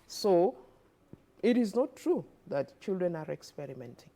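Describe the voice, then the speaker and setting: A woman speaks as a guest expert in a television studio interview. Her voice sits a little low and sounds mellow and warm. She explains in an earnest, advisory way and often repeats words as she goes. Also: very animated, a little slow. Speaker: guest expert on parenting and substance use.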